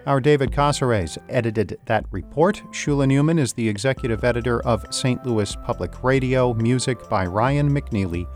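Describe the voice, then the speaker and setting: A man hosting a news program, reading a script in a steady, even way. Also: mid-range voice, moderate pace, hardly any pauses, soft background music. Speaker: news host.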